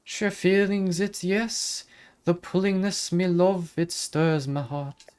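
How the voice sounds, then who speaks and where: A man's voice: sits high, fairly even intonation, slow, a little mellow, clear, resonant tone, soft background music, pitched above the performer's own voice. A man doing a lilting mock-Irish fairy lady. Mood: dreamy. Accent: put-on Irish. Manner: lilting, garbled archaic phrasing. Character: bouncy ancient female fairy, dreamy and affectionate.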